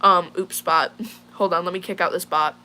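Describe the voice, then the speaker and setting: Bright-voiced teenage girl telling a story. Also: fairly low pitch, fairly even intonation, normal speed, slight background noise. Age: teens. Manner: rambling, many fillers and restarts, shaken. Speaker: vlogger telling a personal story. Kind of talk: casual storytelling to a live audience.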